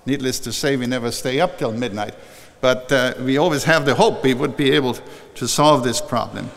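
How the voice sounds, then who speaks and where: An older man giving a warm, conversational acceptance speech at a formal ceremony, often restarting and correcting himself. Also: mid-range voice, normal speed, creaky. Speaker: honorary doctorate recipient giving an acceptance speech. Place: large historic chapel hall. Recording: long reverb from a large hall.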